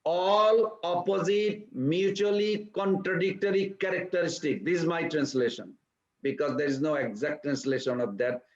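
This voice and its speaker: A man's voice: a little high, normal speed. A man leading a scripture class, telling stories animatedly and asking his listeners rhetorical questions. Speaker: spiritual teacher. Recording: echoey room, dull lo-fi sound.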